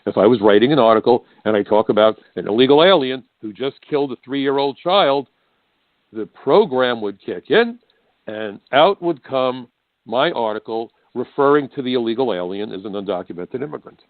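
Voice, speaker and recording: A man's voice: mid-range voice, lively intonation, moderate pace, dry recording. An older man from the United States, hosting a talk radio show and delivering an emphatic, indignant monologue straight to the listeners. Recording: dry, phone-like narrow band.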